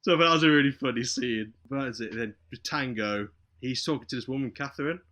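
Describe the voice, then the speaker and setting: With a medium-pitched voice and a fairly quick delivery, a man recounts a movie plot casually for a podcast. Along the way he acts out what the characters say, keeping it lively.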